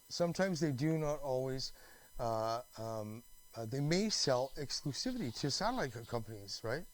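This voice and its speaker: A man's voice: medium pitch, rough recording. A man from Canada talking in a rambling, restless monologue, full of restarts, fillers and swearing. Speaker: vlogger.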